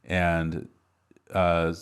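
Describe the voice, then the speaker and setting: Low-voiced man rambling through a movie recap. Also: monotone, drawn-out words, clear, resonant tone. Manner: rambling recap with many fillers and laughs. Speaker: podcast co-host. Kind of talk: casual movie recap chat.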